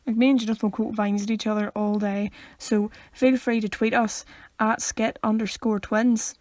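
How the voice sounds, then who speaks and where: An animated young woman co-hosts a podcast, speaking in a fairly high voice. The recording is dry and close, with no room sound at all. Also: moderate pace, no echo. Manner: animated, bursts into silly quote voices. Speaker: podcast co-host. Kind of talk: casual chat.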